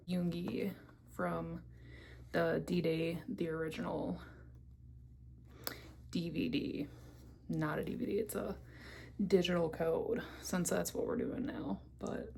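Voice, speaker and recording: Young woman vlogger, candid and chatty, low-pitched voice with vocal fry, recorded on a tripod camera at home. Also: a little mellow, a little hiss or hum. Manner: chatty, candid, swears freely. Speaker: book vlogger. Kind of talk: casual bookshelf tour chat. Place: home room by her bookshelves.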